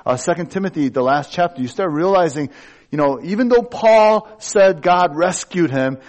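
A man's voice: fairly high pitch, lively intonation, moderate pace, darkish tone. A middle-aged man, a pastor, giving a conversational sermon in a candid, personal way and joking about himself.

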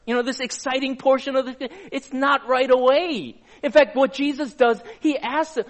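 Male pastor with a high voice, chatty sermon delivery, puts questions to the congregation. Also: fairly even intonation, normal speed, hardly any pauses. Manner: conversational, asks the audience questions.

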